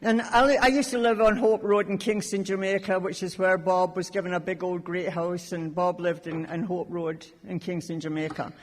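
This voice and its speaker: A woman's voice: fairly low pitch, level tone, normal speed, few pauses, slight background noise. A woman from Scotland sharing her recovery story at a meeting, with wry, self-mocking humor. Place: large conference hall. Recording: long hall reverb.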